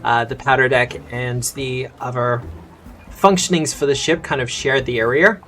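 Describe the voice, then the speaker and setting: A man running a tabletop game as game master, calmly walking players through the rules with plenty of fillers. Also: mid-range voice, normal speed, a little hiss or hum. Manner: easygoing, explains rules step by step with fillers.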